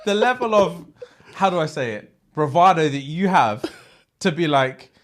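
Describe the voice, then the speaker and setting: A young man, co-hosting a podcast in casual, slangy banter. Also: normal speed. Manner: animated, slangy, jumps into high mock voices. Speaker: podcast co-host.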